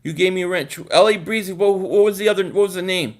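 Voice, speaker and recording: High-voiced man hosting a sports live stream. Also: fast. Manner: casual, thinks aloud, repeats words. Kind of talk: live-stream chat reading viewer comments.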